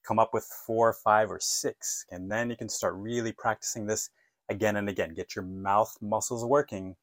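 A man's voice: fairly low pitch, fairly even intonation, moderate pace, no room sound. Patient man teaching phone phrases. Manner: patient, clear model phrases with prompts to repeat. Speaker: English teacher. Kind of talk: repeat-after-me phone English lesson.

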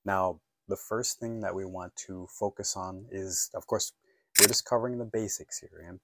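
A man's voice: deep voice, fairly even intonation, moderate pace, heavy background noise. A man teaching a phone-English lesson, encouraging and checking in often with "okay?" and "right?".

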